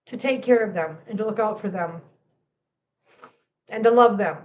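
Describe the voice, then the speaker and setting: A woman's voice: mid-range voice, moderate pace, long pauses, a little mellow. A woman hosting a cat channel livestream, tearful and talking to viewers in an emphatic, impassioned way that repeats phrases.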